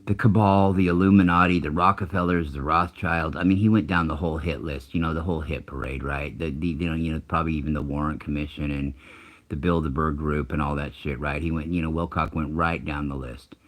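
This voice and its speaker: Very deep-voiced man telling a rambling story. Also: fairly even intonation, fast talker. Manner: rambling, profane, self-interrupting. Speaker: channel host. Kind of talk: casual storytelling.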